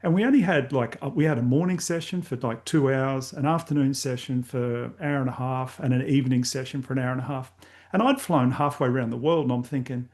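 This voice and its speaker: A man's voice: mid-range voice, fairly quick, a little mellow. An older Australian man telling candid, rambling personal stories as an interview guest. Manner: candid, rambling anecdotes with many fillers. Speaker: podcast host guest. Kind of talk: casual storytelling interview.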